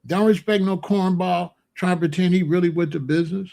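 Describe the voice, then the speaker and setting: A man's voice: sits high, steady tone, brisk, gravelly, dark tone. A man delivering heated, confrontational stream commentary in blunt street slang.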